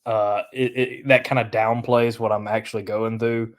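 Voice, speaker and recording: A man's voice: fairly low pitch, flat delivery. Guy in his 20s doing a solo podcast, stuffy with allergies, lots of restarts and ums. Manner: halting, many restarts and fillers. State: congested from allergies. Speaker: podcast host. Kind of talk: casual solo podcast commentary.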